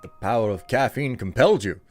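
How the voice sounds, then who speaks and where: A man's voice: medium pitch, animated, fairly quick, faint music behind. A man from the United States chatting casually on a live stream, rambling and ranting as he answers his chat.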